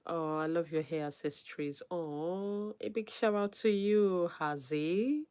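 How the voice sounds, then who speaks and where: A woman hosting her own livestream, reading viewer comments and giving shout-outs in a soft, unhurried way that sometimes drops almost to a whisper. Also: lowish voice, smooth. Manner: reads viewer names, gives shout-outs.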